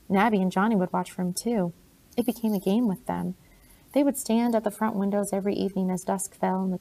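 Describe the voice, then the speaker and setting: A woman reading a novel aloud in steady first-person narration. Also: medium pitch, creaky. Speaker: audiobook reader.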